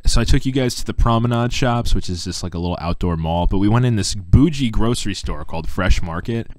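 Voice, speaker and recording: A man's voice: on the low side, a little fast, darkish tone, no echo. A young man hosting a podcast, rambling and laughing as he tells a story over a video call. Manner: rambling, laughing, heavy use of "like". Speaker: podcast host. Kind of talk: casual storytelling chat.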